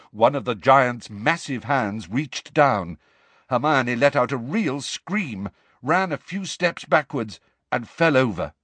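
Slow, expressive male audiobook narrator. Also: medium pitch, no room sound. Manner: measured, dramatic storytelling. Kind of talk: scripted narration.

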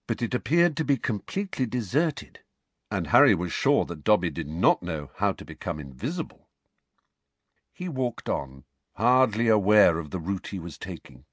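A man reading a novel aloud as an audiobook narrator, in expressive storytelling narration. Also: no room sound. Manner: expressive storytelling, rising pitch on anxious questions. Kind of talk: scripted narration.

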